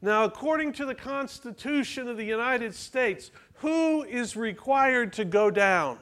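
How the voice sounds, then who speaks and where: A man's voice: extremely high pitch, lively intonation, measured pace, a bit bright, smooth. A man preaching a sermon in a church, talking conversationally and asking the congregation questions. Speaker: pastor.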